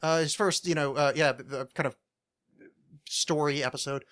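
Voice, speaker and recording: A man's voice: a little high, steady tone, moderate pace, fairly bright tone. A young man co-hosting a casual podcast about a TV show, rambling and joking with lots of restarts. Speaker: podcast co-host.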